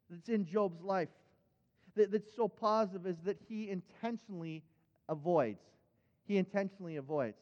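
A man preaching a sermon in church who speaks earnestly and stumbles into repeated words as he starts each phrase. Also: high voice. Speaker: pastor. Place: church sanctuary. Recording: dull, echoing church hall.

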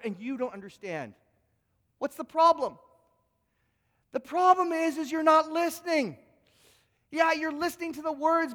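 Very high-voiced man preaching in a hall. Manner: animated storytelling, acting out both sides of a dialogue; stammers and repeats words. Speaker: pastor. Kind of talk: sermon.

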